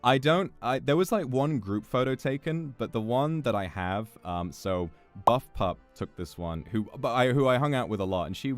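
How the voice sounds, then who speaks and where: A man's voice: mid-range voice, expressive, normal speed, few pauses, soft background music. A young British man telling a story in a casual chat, often swearing and laughing as he goes. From Britain. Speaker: streamer.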